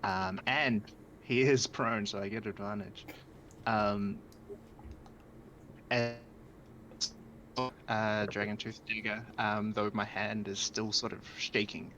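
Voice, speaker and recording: A man playing a tabletop role-playing game, describing his character's actions gravely with many hesitant fillers. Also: fairly low pitch, little pitch movement, slow pace, long pauses, pushed and bright, dull audio, slight background noise. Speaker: player.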